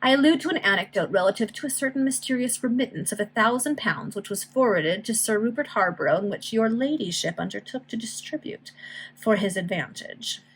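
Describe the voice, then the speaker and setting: A woman reading the part of a polished, courteous Victorian earl with formal, measured speech and a slightly husky voice. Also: medium pitch, expressive, rough recording.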